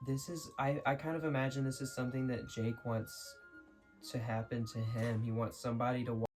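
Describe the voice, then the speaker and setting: A man's voice: medium pitch, flat delivery, a little fast, darkish tone. Rambling man over faint background music. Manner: rambling, restarts often, scattered. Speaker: vlogger explaining a film. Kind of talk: casual unscripted commentary.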